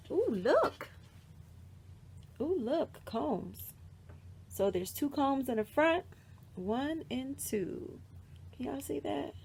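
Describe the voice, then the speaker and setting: A woman's voice: mid-range voice, background noise. A middle-aged woman chatting casually in a wig unboxing vlog, talking to viewers as y'all, dropping into whispers and squealing with delight. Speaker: wig reviewer.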